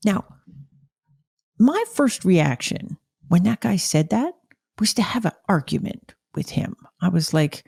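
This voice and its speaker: Gravelly-voiced woman telling a work story. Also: mid-range voice, sing-song, a little slow, a little mellow, no echo, studio quality. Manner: chatty, frequent "like" fillers, acts out quoted voices. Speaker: podcast host. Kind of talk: storytelling monologue.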